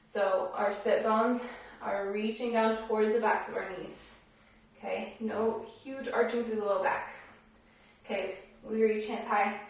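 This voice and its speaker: A woman yoga instructor guiding a class, giving calm, encouraging cues paced with the breath. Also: medium pitch, a little slow, creaky, recorded from a distance. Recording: very echoey room, voice from off the mic.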